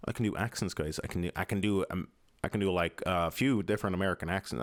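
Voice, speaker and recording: Speaking fast in a low voice, this young podcast host from Ireland mumbles, swears and fills his casual monologue with filler words as he rambles at home in his apartment. The sound is clean and studio-like, with no echo.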